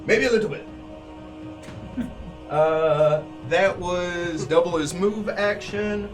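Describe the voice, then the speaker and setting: A man narrating a tabletop game as game master in a descriptive, relaxed way. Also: high-pitched, takes it slowly, soft background music.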